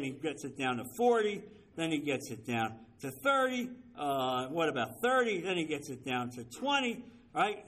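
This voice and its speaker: A man's voice: high-pitched, fairly bright tone. A man teaching a Bible study, emphatic, often checking with his listeners through rhetorical questions.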